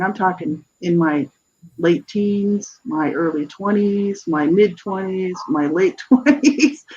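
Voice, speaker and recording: On lo-fi audio, a slightly rough, fairly low-pitched woman in her fifties speaks as a radio interview guest. An author and advocate, she recounts her personal story earnestly, searching for words, restarting often and tossing in "you know, right?"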